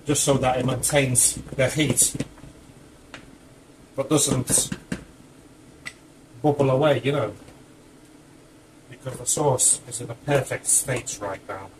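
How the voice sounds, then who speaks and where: Male home cook, unhurried and rambling, breathless, mid-range voice, light kitchen noise. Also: medium pitch, steady tone, low-quality recording. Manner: chatty, rambling asides. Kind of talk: casual cooking commentary.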